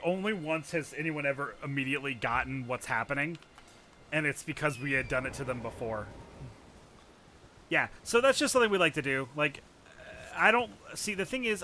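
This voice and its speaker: A man's voice: a little high, a little hiss or hum. A man streaming live, chatting casually with loose, profane humor. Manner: relaxed, profane and laughing.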